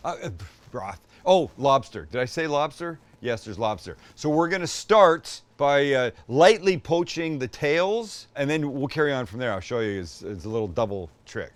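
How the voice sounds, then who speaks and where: A man's voice: mid-range voice, no room sound. Older man, cooking show host, casual rambling chat, self-deprecating jokes.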